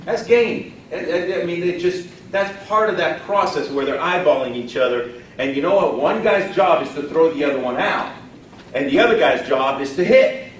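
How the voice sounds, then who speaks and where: A man from Texas giving an energetic motivational training talk to a live audience, often putting questions to the room. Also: a little high, moderate pace, slight background noise. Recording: roomy echo from far off, faint ambience.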